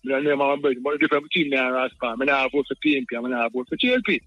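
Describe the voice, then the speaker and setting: Rambling Jamaican caller on a muffled phone line. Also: male voice, medium pitch, racing, a bit bright, dry recording. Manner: rambling, repeats words, patois. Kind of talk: call-in radio talk.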